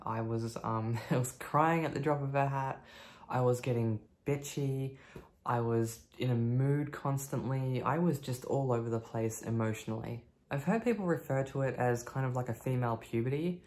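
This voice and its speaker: A vlogger in her thirties tells her own story in a video diary, speaking candidly and casually, swearing freely and filling pauses with plenty of ums. Her voice rumbles low with a darkish tone.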